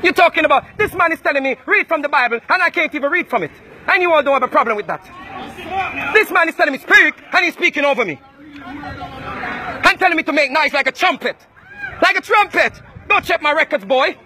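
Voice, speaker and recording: A man from Jamaica, loudly accusing and taunting people in a heated street confrontation. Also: very high-pitched, expressive, brisk. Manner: loud, accusing, repetitive taunting. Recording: noisy crowd around, outdoors.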